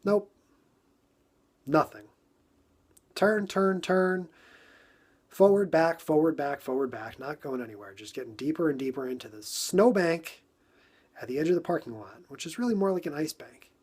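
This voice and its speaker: A man's voice: a little high, expressive, normal speed, pauses often, darkish tone, husky. A man from New York telling a casual story on a phone livestream, acting out his own frustration with lots of repetition.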